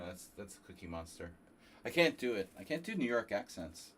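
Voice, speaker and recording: A man from New Jersey streaming a chess simul, thinking aloud in a halting, casual way and coughing now and then. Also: fairly low pitch, sing-song, fairly bright tone, a little hiss or hum. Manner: halting, muttering through chess moves with fillers.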